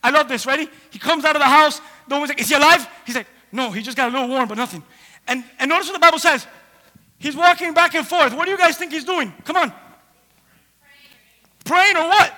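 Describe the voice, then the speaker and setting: Preaching a sermon, a man retells a scripture story with humor, playing out each character himself. His voice is very high-pitched, bright and forceful, and he moves at a brisk clip. A long hall reverb hangs on the recording.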